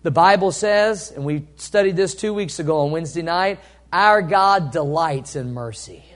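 A man preaching a sermon to a congregation in an animated way, asking them questions and acting out little scenes. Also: fairly high pitch, normal speed. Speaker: pastor.

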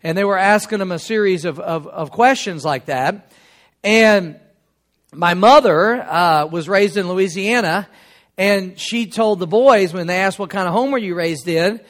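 A man's voice: high-pitched, unhurried, fairly bright tone. A middle-aged man preaching a sermon in a conversational, joking way, teasing the congregation and laughing along. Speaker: pastor.

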